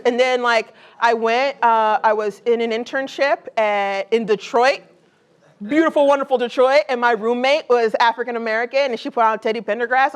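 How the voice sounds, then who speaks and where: A woman poet reading her work aloud and then chatting with an audience in a casual, joking way, full of fillers like "like" and "um". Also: on the high side. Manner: laughs easily and jokes with the audience. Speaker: poet and author. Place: college event before a live audience.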